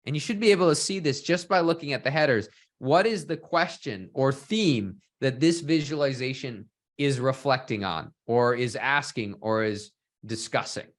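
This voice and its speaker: A man leads an online data visualization workshop, talking in a mid-pitched voice. He poses questions to his viewers and keeps checking in with them. He often ends a thought with a quick "right?". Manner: asks the audience, often adds "right?". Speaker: workshop instructor.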